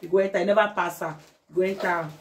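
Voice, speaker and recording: A woman's voice: lowish voice, fairly even intonation, quick pace. A young woman with a Nigerian Pidgin English accent, chatting effusively in a casual unboxing vlog. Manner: effusive, breaks into sing-song chants. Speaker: vlogger.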